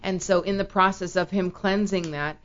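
A woman's voice: on the low side, fairly even intonation, moderate pace, slight background noise. A woman in a casual conversation, reflective, explaining ideas and asking follow-up questions. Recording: slightly dull lo-fi audio.

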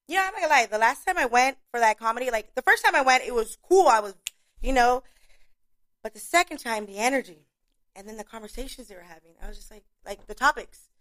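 A woman's voice: fairly high pitch, fairly bright tone. A young woman hosting a casual show, talking bluntly with lots of swearing and frequent laughs. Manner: blunt, profane, laughing often. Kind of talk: casual chat.

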